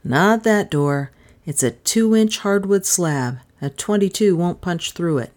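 Brash sardonic male private eye read by a woman, low voice, audiobook. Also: animated, takes it slowly, a little mellow. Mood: dismissive. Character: cocky wisecracking male private detective. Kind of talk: audiobook character reading.

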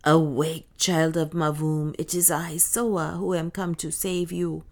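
A woman voicing an old native woman who speaks urgently and in hushed tones. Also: low voice, little pitch movement, unhurried.

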